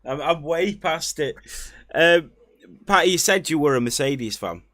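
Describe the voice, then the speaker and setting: A man co-hosting a podcast in casual chat, relaxed and fairly quiet, asking questions and adding jokes. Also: a little high, unhurried.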